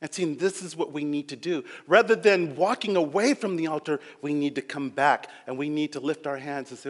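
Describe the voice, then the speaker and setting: Male preacher, fairly high voice, earnest and dynamic, long hall reverb. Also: fairly quick, few pauses. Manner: earnest, rising and falling between loud emphasis and quiet; acts out quoted voices. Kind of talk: sermon.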